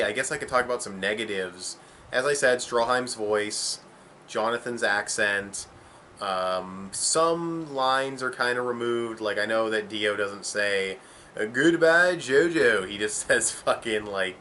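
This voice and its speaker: Young male reviewer, bright forceful tone, low-set voice, faint noise behind. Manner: rambling, opinionated, swears casually. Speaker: anime reviewer. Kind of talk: casual video review.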